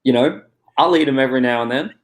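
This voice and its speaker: A man's voice: mid-range voice, fast talker. A young Australian man answering interview questions in a casual, hesitant way, full of fillers and restarts. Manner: hesitant, many "you know" fillers and restarts. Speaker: guest.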